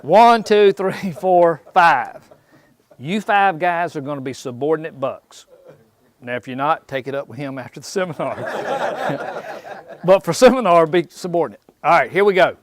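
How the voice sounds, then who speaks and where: A man's voice: fairly high pitch, lively intonation, a little slow. A man giving a live hunting seminar in a shop. He tells jokey folksy stories, acts out characters in slang and quizzes his listeners. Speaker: seminar speaker on deer hunting. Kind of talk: live seminar talk to a small crowd. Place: indoor outdoor shop.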